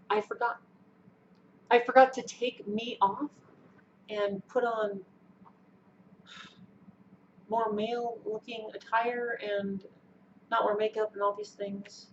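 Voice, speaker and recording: Middle-aged woman vlogger, earnest and halting, slightly high voice, muffled home recording. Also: fairly even intonation. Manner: earnest, repeats herself, halting restarts. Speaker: vlogger telling a personal story. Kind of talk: emotional personal storytelling. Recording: dull lo-fi sound with faint noise.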